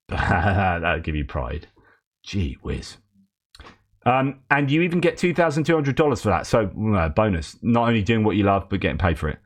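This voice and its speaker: A male host gives spoken news commentary in a fairly low voice. His delivery is wry and openly sarcastic. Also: sing-song, normal speed.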